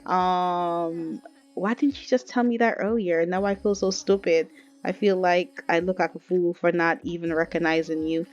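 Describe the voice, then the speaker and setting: A woman's voice: lowish voice, fairly even intonation, normal speed, highs cut off, close to an everyday voice. A woman voicing a young pregnant woman who is homesick, shy and self-conscious, in a casual chatty way. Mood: grateful.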